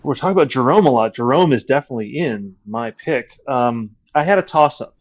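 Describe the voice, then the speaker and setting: A man's voice: mid-range voice, lively intonation, brisk, dull audio. A man who is a podcast guest, chatting casually, rambling with lots of restarts and swearing. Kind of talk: casual chat.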